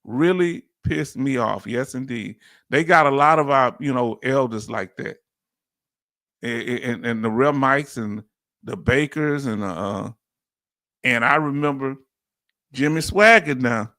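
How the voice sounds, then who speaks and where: A man with a Southern Louisiana accent giving an animated, preachy commentary as host, full of rhetorical questions and chuckles. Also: mid-range voice, measured pace, no room sound, studio quality. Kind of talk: casual commentary monologue.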